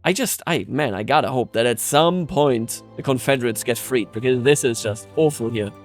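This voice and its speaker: A man's voice: medium pitch, normal speed, faint music behind. A man from Bavaria giving playful, sarcastic commentary over his strategy game, chuckling often. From Bavaria, Germany. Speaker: strategy game video creator. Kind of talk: gameplay commentary.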